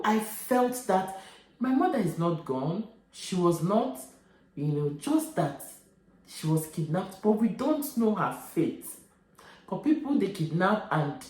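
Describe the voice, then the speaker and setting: A woman's voice: on the low side, mellow. Tearful Nigerian woman vlogger, echoey room. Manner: tearful, repetitive, halting. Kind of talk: emotional personal vlog.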